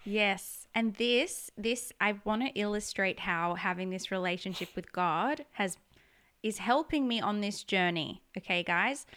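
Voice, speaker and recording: A woman's voice: medium pitch, measured pace, a bit bright. A woman hosting a podcast interview, earnest and speaking straight to her listeners. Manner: earnest, addresses listeners directly. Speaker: podcast host. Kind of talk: casual conversational interview.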